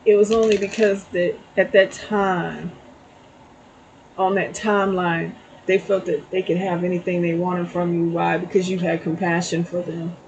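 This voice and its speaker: A woman's voice: on the low side, level tone, normal speed, a little mellow, muffled recording, slight background noise. A middle-aged woman giving a casual spiritual tarot reading, telling a story and checking in with "okay?". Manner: chatty, storytelling, frequent "okay?" asides. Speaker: tarot reader.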